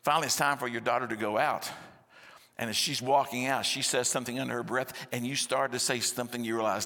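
In a church sanctuary, a pastor preaches a sermon in a lively, conversational storytelling style, posing rhetorical questions. His voice is medium in pitch and quick, with the recording carrying a long church-hall reverb.

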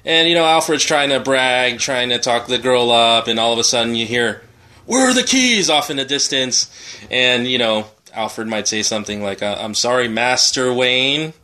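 Bright-voiced man spinning a rambling bit. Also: mid-range voice, steady tone, normal speed. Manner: rambling storyteller, acts out quotes. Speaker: podcast host. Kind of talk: casual comedic chat.

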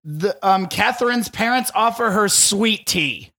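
High, bright-voiced man with dry remarks. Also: animated, unhurried. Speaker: podcast co-host. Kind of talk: casual chat.

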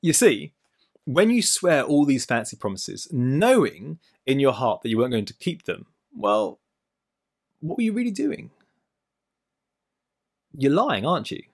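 A man's voice: medium pitch, a little slow, creaky, long pauses. A middle-aged man preaching a sermon, explaining a Bible passage with playful everyday stories and asides. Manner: lively storytelling with playful asides.

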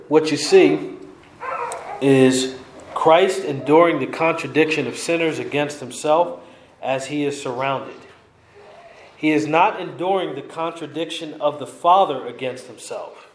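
A man's voice: a little high, measured pace, roomy sound, a little hiss or hum. A man preaching an expository sermon, emphatic and repeating his key lines for weight.

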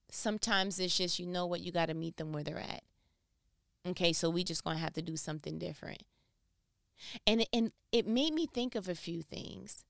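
A woman giving casual devotional Bible teaching, telling the stories in an animated, slangy way and acting out the people in them. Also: fairly low pitch, gravelly, clean tone, no room sound, studio quality. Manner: animated storytelling, slangy, acts out voices.

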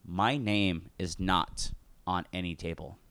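Low-voiced man telling a rambling story. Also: slow, vocal fry, clean tone, no echo. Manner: animated, swearing, acts out quotes. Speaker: podcast co-host. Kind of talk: casual storytelling.

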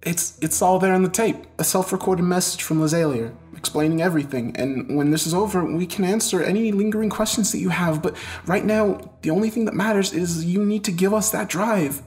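A man voicing a calm, pleading woman who leads the group, speaking in a measured way. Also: high voice, soft background music, pitched above the performer's own voice, lightly acted. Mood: explaining.

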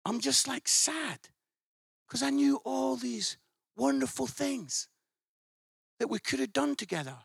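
A speaker with a British accent voicing a football manager who is pleading and then hushed with disappointment as he talks to a player. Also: high voice, expressive, measured pace, vocal fry, pauses often, breathy edge, no room sound, clean studio sound, full character voice. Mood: hushed sad. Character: passionate football manager, man, disappointed but kind.

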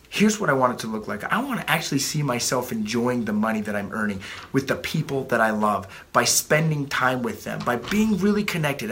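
A man's voice: mid-range voice, pushed and bright. A man in his thirties, a life coach giving a blunt motivational talk, swearing freely and often repeating himself.

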